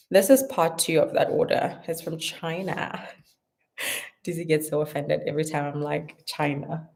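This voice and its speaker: A young woman with a South African accent chatting casually to camera at home in an animated, playful way. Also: fairly low pitch. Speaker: vlogger. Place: her home.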